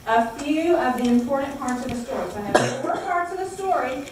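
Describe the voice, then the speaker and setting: A woman tells a Bible story to a group of children, her voice high and lively as she exclaims and coaxes them to repeat lines back. She is recorded from a distance in a very echoey room, with faint background noise. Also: brisk, over a noisy crowd. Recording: echoey room, heard from far off.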